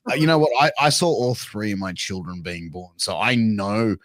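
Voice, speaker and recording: A man's voice: lowish voice, normal speed, fairly bright tone, dry recording. A man in his thirties with an Australian accent, telling a crude story in casual chat and swearing a lot. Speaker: podcast guest.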